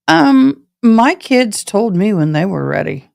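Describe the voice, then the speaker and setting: A woman's voice: medium pitch, very animated, takes it slowly, vocal fry, darkish tone, no echo, clean studio sound. A woman hosting a live stream from her home, chatting casually and talking straight to her viewers. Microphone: camera setup.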